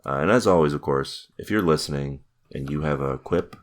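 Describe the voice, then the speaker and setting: A man's voice: very deep voice, a little fast. A man hosting a casual podcast, joking and rambling with his co-hosts. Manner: jokey, rambling, laughs at his own bits. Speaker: podcast host.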